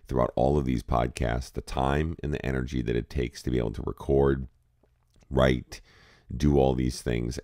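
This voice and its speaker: A man's voice: rumbling low, vocal fry, a little mellow, no echo, clean studio sound. A man from New England hosting a casual morning podcast chat, groggy with his morning voice, rambling and heartfelt. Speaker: podcast host.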